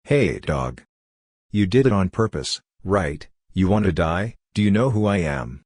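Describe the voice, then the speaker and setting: A man's voice: sits low, very animated, measured pace, darkish tone, no echo, clean studio sound, full character voice. A man reading the lines of a bitter, hot-tempered young pro gamer who curses angrily. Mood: angry. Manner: angry, cursing.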